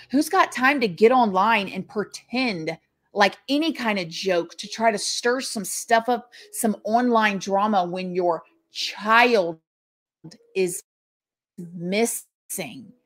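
A woman hosting a true crime commentary, speaking emphatically and indignantly. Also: medium pitch. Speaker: true crime channel host.

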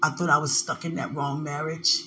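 A woman's voice: low voice, flat delivery, normal speed, over music. A woman in a casual spiritual vlog, speaking emotionally and prayerfully, tenderly addressing unseen listeners.

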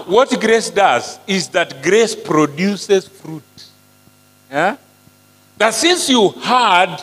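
A man preaches with animation, throwing questions out to the congregation as he shifts between English and Swahili. His voice sits a little high for a man. A long hall reverb and a low mains hum hang behind him. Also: a bit bright. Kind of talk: sermon.

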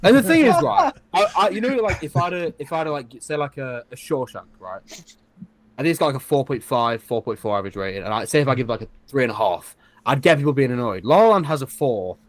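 A man's voice: medium pitch, sing-song, fast, no echo. Hesitant man in casual podcast chat. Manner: rambling, hesitant, with many restarts. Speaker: podcast co-host.

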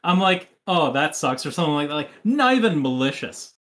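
A man's voice: on the high side, very animated, fairly quick, a bit bright. A young man co-hosting a podcast, chatting in an easygoing, mildly defensive way. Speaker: podcast co-host. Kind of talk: casual chat.

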